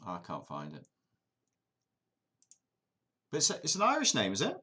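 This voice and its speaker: A man's voice: mid-range voice, wildly swooping pitch, normal speed, bright, forceful tone, husky. An English man casually streaming a football management game, chatting with his viewers and poking fun at himself. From England. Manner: chatty, self-deprecating, talks to chat. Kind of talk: casual live-stream chat.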